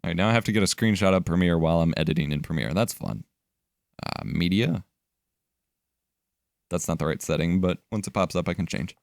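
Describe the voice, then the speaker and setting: A man's voice: low voice, lively intonation, brisk, gravelly, pauses often, dry recording, clean studio sound. A young man chatting casually while editing on a live stream, thinking aloud and swearing now and then. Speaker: livestreamer editing video.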